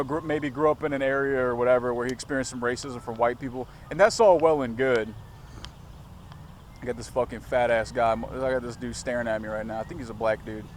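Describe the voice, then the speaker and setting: A man vlogging on a city street. He talks casually, curses constantly, rambles and keeps digressing. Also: mid-range voice. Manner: profane, rambling, digresses often. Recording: faint street noise outdoors.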